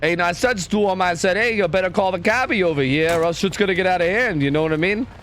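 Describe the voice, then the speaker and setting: A man's voice: high voice, fast, a bit bright, slight background noise, voice pushed up. A man voicing a brash New York Italian wiseguy with a put-on New York Italian accent and tough-guy patter. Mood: gossiping.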